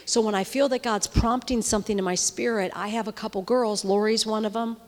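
A woman's voice: medium pitch, fairly even intonation, a little fast. A middle-aged woman preaching to a women's gathering, her voice carrying with a long reverb through a large hall. She talks conversationally and keeps checking in with her listeners. When she is moved she drops to a near-whisper. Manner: conversational, often checks in with the audience. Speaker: women's ministry speaker. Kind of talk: sermon.

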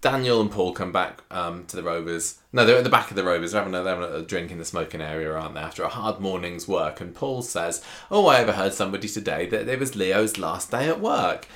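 Man, low pitch, casual storytelling chat. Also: quick pace, hardly any pauses, fairly bright tone. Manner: chatty retelling, quoting characters in paraphrase. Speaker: podcast co-host recapping a soap.

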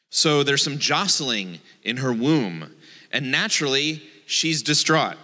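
Man, rabbi preaching, playful and jokey, unhurried delivery, ringing hall. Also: medium pitch, bright, forceful tone. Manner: playful, jokey, acts out voices in quotes. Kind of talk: sermon.

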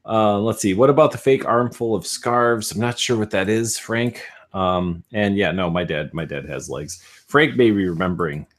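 A man's voice: on the low side, normal speed, hardly any pauses. A man co-hosting a casual podcast, telling stories with a joking, wisecracking manner. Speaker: podcast co-host.

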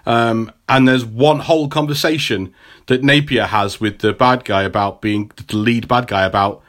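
A man co-hosting a podcast in casual, wry conversation, often trailing off lower at sentence ends. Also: fairly even intonation, normal speed, a bit bright. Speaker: podcast co-host. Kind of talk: casual chat.

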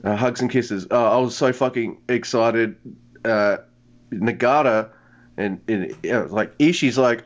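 A man co-hosting a podcast, excitable and profane in casual wrestling chat. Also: mid-range voice, normal speed. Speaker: podcast co-host. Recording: dull lo-fi sound.

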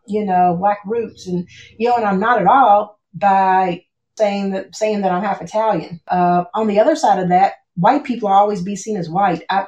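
A woman's voice: medium pitch, darkish tone. A woman from the United States talking about her background as a guest, reflective and full of "you know" and "like" fillers. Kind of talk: casual conversation. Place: at home with a cat. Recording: roomy echo.

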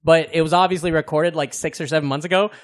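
A young man co-hosting a podcast, joking crudely in quick casual banter. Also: fairly high pitch, steady tone. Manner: crude, jokey, rapid-fire. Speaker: podcast co-host.

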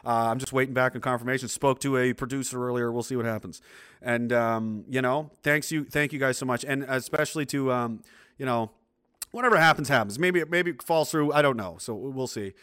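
A man's voice: mid-range voice, a little fast, fairly bright tone, clear, resonant tone, no echo, studio quality. A man hosting a casual livestream, talking in a rambling way with many restarts. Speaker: livestream host.

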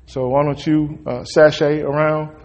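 A man's voice: a little high, flat delivery, measured pace. Emphatic preaching man in a reverberant church. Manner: emphatic, folksy preaching with sudden loud peaks. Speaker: pastor. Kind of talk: sermon. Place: church sanctuary. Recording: long reverb of a church hall.

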